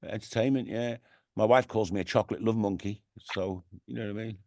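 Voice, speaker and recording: A man's voice: fairly low pitch, steady tone, brisk, a little mellow, no echo, clean studio sound. A middle-aged man with a Liverpool accent, talking in a casual, rambling way in an interview, with lots of "you know what I mean". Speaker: radio DJ and TV presenter, interview guest. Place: radio studio.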